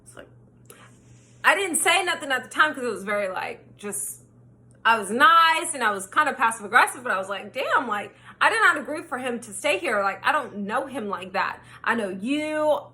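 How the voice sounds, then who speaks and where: A woman vlogger telling a storytime in casual chat, animated, swearing freely and acting out her own quotes. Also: fairly high pitch, normal speed.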